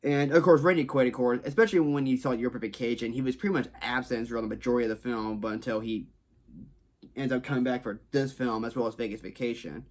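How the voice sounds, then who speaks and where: Talking straight to camera, a man from Texas offers a laid-back film review with a steady tone, medium pitch, and quick pace. His delivery rambles and repeats, full of restarts and stock phrases.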